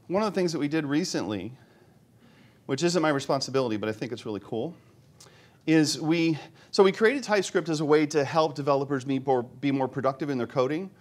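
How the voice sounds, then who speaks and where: A middle-aged man giving a live technical presentation to a conference audience, chatty and joking, often asking the audience questions. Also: a little high. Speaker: conference speaker. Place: conference room before an audience.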